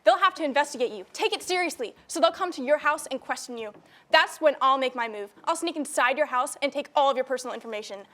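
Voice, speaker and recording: A woman's voice: high-pitched, fast talker, sharp tone. A young woman playing a spiteful, scheming arch-nemesis who gleefully lays out her threats in a comedy sketch. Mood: smug. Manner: smug, theatrical, gleeful threats. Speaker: guest on a student talk show.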